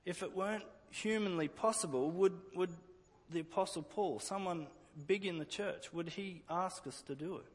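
A man's voice: sits high, normal speed, hardly any pauses, breathy edge, long reverb tail. A man preaching a sermon earnestly, often repeating words as he restarts a phrase. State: emotional at times.

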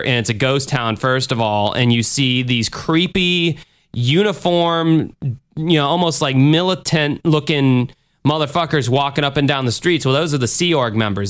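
A man hosting a podcast, answering listener questions in a profane, rambling way with animated rants. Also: medium pitch, smooth. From Florida. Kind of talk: casual podcast rant.

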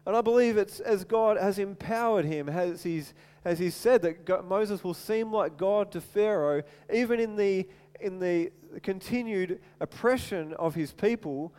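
High-voiced male preacher in echoing hall. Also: a little slow, hardly any pauses, clean tone. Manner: animated storytelling, acts out voices, repeats words. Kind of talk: sermon. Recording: long hall reverb.

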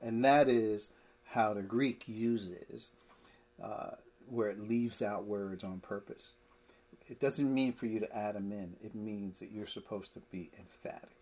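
A man's voice: fairly low pitch, fairly even intonation, a little slow, a little mellow. A man teaching a Bible study, explaining verses emphatically with everyday examples.

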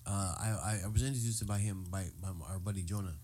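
A man's voice: on the low side, steady tone, fast, mellow, a little hiss or hum. A man in casual chat among bandmates, teasing and telling long anecdotes.

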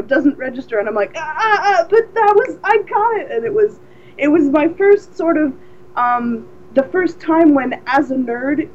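A woman's voice: fairly high pitch, slight background noise. A woman co-hosting a podcast in casual chat, telling stories with lots of energy and frequent restarts. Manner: animated storyteller, many restarts. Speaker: podcast co-host. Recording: dull lo-fi recording.

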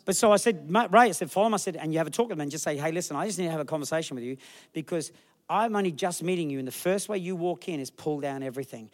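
A middle-aged pastor preaches a sermon in a slightly high voice, talking very fast. He tells jokey stories with lots of animation and puts on voices for the people he quotes.

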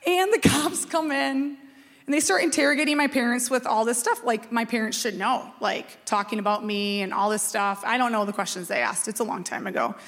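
A woman in her forties from Minnesota, a pastor telling a personal story in a lively, chatty, self-mocking sermon. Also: fairly high pitch, fairly quick. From Minnesota, USA. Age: 40s. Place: church sanctuary. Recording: long reverb of a church hall.

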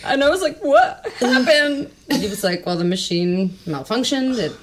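A woman in her thirties tells a story on a podcast, swinging from hushed to loud as she acts out what everyone said, laughing through it and swearing freely. Her voice sits in a middle range. A faint hiss lies under the recording. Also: medium pitch, expressive, fast talker. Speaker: storyteller guest.

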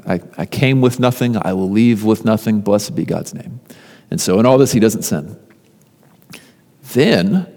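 A man preaching a sermon, retelling a story conversationally with emphatic lists and pauses. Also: on the low side, darkish tone. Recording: long reverb of a large hall.

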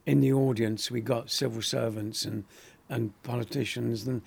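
An older man tells stories from his acting career in a relaxed interview. His voice is gravelly, and he slips into the other people's voices as he quotes them, chuckling along the way. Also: medium pitch, no echo. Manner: animated storyteller, acts out quoted voices, laughs often. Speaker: actor guest. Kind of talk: anecdotal interview storytelling.

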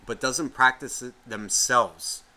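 Podcast guy ranting, swearing nonstop, super bright sharp voice. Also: mid-range voice, fairly even intonation, slow pace. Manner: profane, ranting, loud outbursts. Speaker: podcast co-host. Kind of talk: casual podcast rant.

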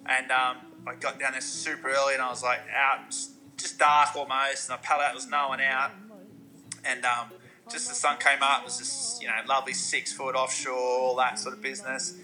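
Bright-voiced, modest male guest. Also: mid-range voice, little pitch movement, fairly quick, faint music behind, rough recording. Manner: modest, self-deprecating storyteller. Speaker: podcast guest. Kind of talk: casual anecdotal chat.

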